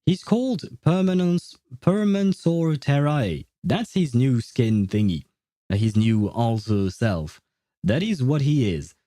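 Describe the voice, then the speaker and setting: A man's voice: mid-range voice, lively intonation, slow, dark tone, no room sound, clean studio sound. A man streaming a game, chatting casually and thinking aloud with many fillers and restarts. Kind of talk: casual livestream chat.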